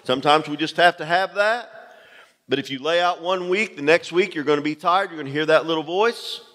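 A man's voice: on the high side, a little fast, a bit bright. A man preaching a sermon as pastor to his congregation, emphatic and direct, repeating key phrases. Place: church sanctuary. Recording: long hall reverb from a church.

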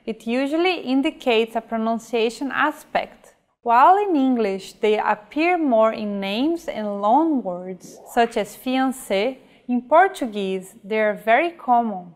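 A language teacher with a slightly high voice gives a scripted pronunciation lesson in an unhurried, deliberate manner. She models each example word on its own, slowly and clearly, with careful, measured delivery.

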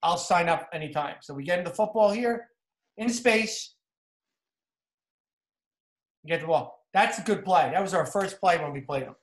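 A man with a New Jersey accent, a football coach giving a clinic talk over game film in an energetic, repetitive coaching way. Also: sits high, fairly quick. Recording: roomy echo.

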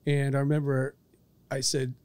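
A man in a casual podcast chat, talking in a measured, hesitant way with frequent ums and analysing games. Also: medium pitch, completely flat delivery, a little mellow, clear, resonant tone, dry recording.

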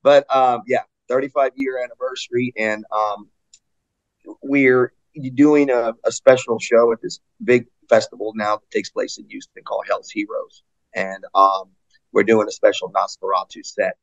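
An animated male metal singer tells stories in an interview, acting out other people's voices and laughing often. The sound is dry and close, with a slightly dull, lo-fi tone. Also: medium pitch, moderate pace, no room sound. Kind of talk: casual interview chat.

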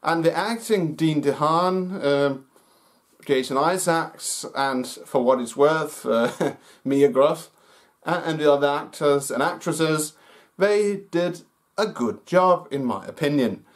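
Hosting his own film review show, a man with a voice on the high side talks in a loose, unscripted way. He pauses often and fills his speech with fillers and restarts.

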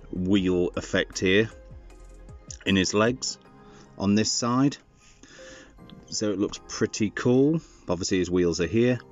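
A man's voice: deep voice, lo-fi sound. A man hosting his channel, chatting casually and digressing with jokes while reviewing a toy.

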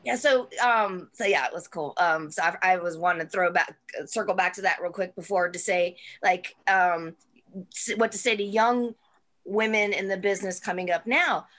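A woman's voice: lowish voice, normal speed, a bit bright. A woman wrestler, a guest on a talk show, chatting casually and rambling, with many fillers and restarts. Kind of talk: casual chat.

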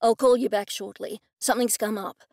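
A woman reading a brisk, distracted cop. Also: mid-range voice, steady tone, a little mellow, no echo, studio quality, close to an everyday voice. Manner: brisk, offhand, quick. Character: distracted, apologetic adult male police officer.

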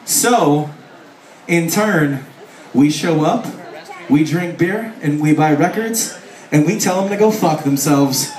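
A high-voiced man rants and jokes at a live festival crowd, swearing freely and slipping into mock voices. The sound rings around a roomy venue, and the mic catches him from a little way off over faint crowd noise. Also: takes it slowly, pauses often, darkish tone. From Chicago area. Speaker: author speaking at a music festival. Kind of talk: profane comic stage talk to a crowd. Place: festival stage at a bar venue. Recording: echoey live venue, mic heard from a distance.

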